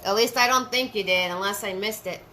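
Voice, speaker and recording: With soft music behind her, a woman running a live paint party speaks at medium pitch, slightly fast and sharp in tone. She gives brush instructions step by step, repeats key phrases and chats with viewers by name.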